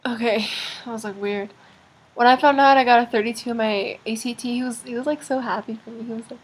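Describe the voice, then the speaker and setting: A woman's voice: a little high, steady tone, fast talker, slight background noise. A teenage girl rambling through a casual video diary, chatty and full of fillers. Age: teens. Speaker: vlogger.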